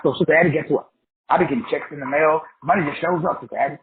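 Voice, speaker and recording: A man's voice: fairly high pitch, steady tone, very fast, slight background noise. A man in his sixties, giving a casual, profane, preachy spiritual talk. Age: 60s. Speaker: spiritual teacher. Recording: tinny phone-like audio in an echoey room.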